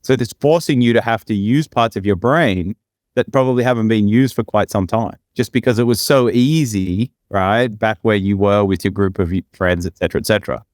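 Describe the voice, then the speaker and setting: A man's voice: lowish voice, a little fast, darkish tone, dry recording, studio quality. A man with an Australian accent, chatting casually as a podcast co-host in a laid-back, musing way.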